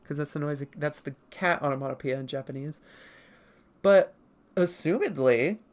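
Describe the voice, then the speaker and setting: Drawing late at night with almost four a.m. on the clock, this streamer chats casually with viewers and takes their questions. Expect rambling, frequent laughter, and a voice deliberately kept higher than it naturally sits.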